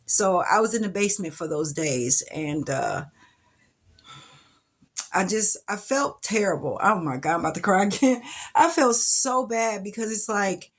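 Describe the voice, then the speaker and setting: A middle-aged woman speaks straight to camera. She recounts her past in a reflective, emotional way, with sighs and restarts. Her voice sits at a typical pitch for a woman. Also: animated, unhurried. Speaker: vlogger telling her life story. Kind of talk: personal storytelling to camera. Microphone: camera mic.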